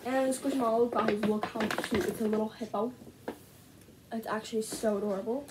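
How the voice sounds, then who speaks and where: At home, a teenage vlogger talks into a camera set up in front of her for a casual haul video, gushing bubbly praise over every item with constant "like" and "so good." Her slightly rough voice sits a little high, with fairly even intonation and a normal speed. A faint hiss runs under the audio.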